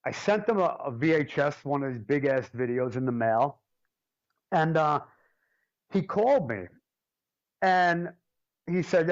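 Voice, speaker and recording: A male drummer spins stories in a loose, joking way and swears as he goes. His voice sits a bit high for a man. The recording sounds dull and lo-fi. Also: a little slow, long pauses. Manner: animated, jokey, swears freely. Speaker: drummer, interview guest. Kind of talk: casual storytelling.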